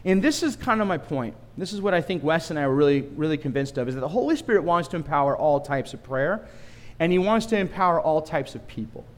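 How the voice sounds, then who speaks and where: Animated male preacher in a reverberant hall. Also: fairly high pitch, fast. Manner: animated storytelling with asides to the room. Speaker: pastor. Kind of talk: sermon.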